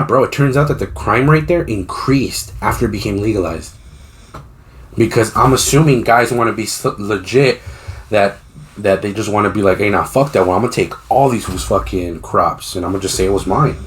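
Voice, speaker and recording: Male podcast host, low-pitched, loose profane storyteller who acts out quotes. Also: a little fast. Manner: rambling, profane storytelling with lots of fillers; acts out quoted voices while retelling. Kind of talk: casual chat.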